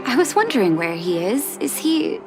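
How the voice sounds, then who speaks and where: An actress voicing a calm, caring young woman doctor in a game cutscene, speaking in a measured way. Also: on the high side, over music. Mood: earnest, warm. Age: young adult.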